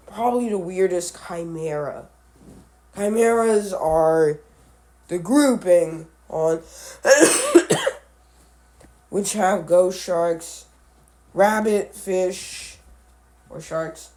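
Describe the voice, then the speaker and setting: A man giving casual commentary on animal matchups, halting and often correcting himself, with offhand musing asides. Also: high voice, darkish tone. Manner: halting, with frequent restarts and self-corrections. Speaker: animal video creator.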